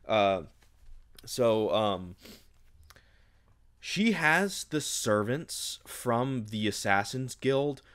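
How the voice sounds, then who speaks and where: A man's voice: mid-range voice, fairly bright tone. A young man giving a casual, sarcastic, exasperated book review, ranting and mocking as he retells the plot.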